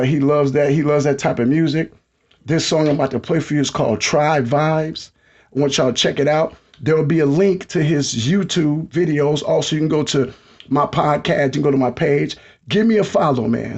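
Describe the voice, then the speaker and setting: A middle-aged man hosting a podcast, talking casually and hyping up listeners with repeated shout-outs. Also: fairly high pitch. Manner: hyped, repetitive shout-outs to the audience. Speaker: podcast host.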